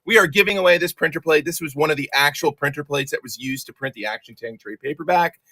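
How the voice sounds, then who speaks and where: A man's voice: fairly high pitch, fast talker, sharp tone, husky, low-quality recording. A man hosting a live comic giveaway stream, chatty and upbeat. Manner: upbeat, chatty, joking banter. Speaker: livestream host. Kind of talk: casual livestream chat.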